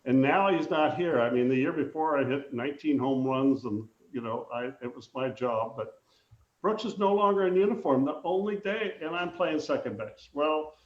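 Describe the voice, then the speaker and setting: An older man, a former ballplayer, telling animated stories in a casual interview, acting out the voices he quotes. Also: fairly high pitch, normal speed, roomy sound, highs cut off. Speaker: guest, former baseball player.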